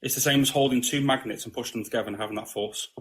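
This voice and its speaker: A man's voice: mid-range voice, steady tone, very fast, fairly bright tone. Blunt, swearing man. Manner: blunt, swears freely, repeats "you know what I mean". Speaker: podcast guest. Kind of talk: casual spiritual conversation.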